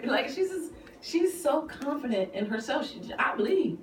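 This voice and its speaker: A woman on a reality show chatting in a casual interview, telling animated stories with lots of laughter. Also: on the high side, quick pace. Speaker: reality TV cast member, guest. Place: outdoors on the street. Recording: echoey, distant mic with street noise.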